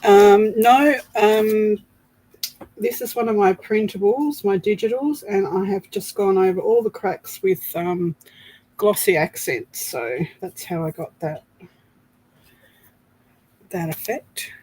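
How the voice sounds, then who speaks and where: A woman's voice: medium pitch, takes it slowly, warm tone, slight background noise, poor audio. A woman hosting a casual crafting livestream, chatting and greeting viewers by name as she works.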